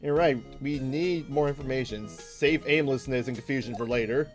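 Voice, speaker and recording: A man voicing a weary young male lawyer, speaking low, slow and deadpan. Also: faint music behind, lightly acted.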